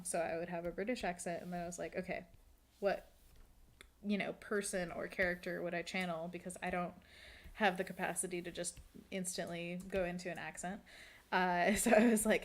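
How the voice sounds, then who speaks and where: A woman's voice: on the low side, level tone, a little fast. A woman chatting casually while drawing on a live stream, rambling and laughing often, seated at a desk at home.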